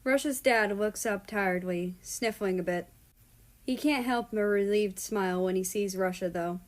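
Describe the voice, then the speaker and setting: A woman reading a story aloud in a calm, steady narration. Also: mid-range voice, normal speed. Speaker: story reader. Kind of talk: reading fan fiction aloud.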